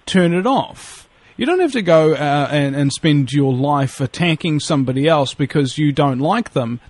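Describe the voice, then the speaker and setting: A man's voice: fairly high pitch, darkish tone, no echo. A man with a New Zealand accent talking as a radio guest in a rambling, joking way, swearing freely and restarting his sentences often. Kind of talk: casual radio chat.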